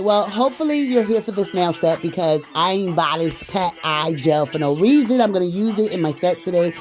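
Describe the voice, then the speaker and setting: A man's voice: fairly high pitch, darkish tone. A man chatting casually to viewers while walking through a nail tutorial. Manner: chatty, addresses viewers as "girl". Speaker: nail artist.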